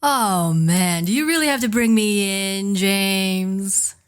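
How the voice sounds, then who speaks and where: A man voicing a smooth, laid-back woman who gives blunt advice in a slow, unbothered way. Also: sits high, fairly bright tone, no echo, clean studio sound. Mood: languid.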